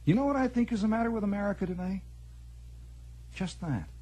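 A man reflecting aloud in a radio monologue, halting over words and then pressing his point. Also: high-pitched, lively intonation, dark tone, slightly rough. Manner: musing, halting restarts, rising to emphatic asides. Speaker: storyteller.

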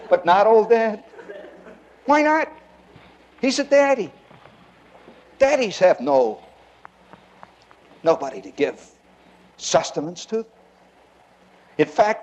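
A man's voice: high voice, muffled recording. A man doing a stand-up comedy routine, telling stories with laughs and rhetorical questions to the crowd. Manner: animated storytelling, frequent laughter, rhetorical questions to the audience.

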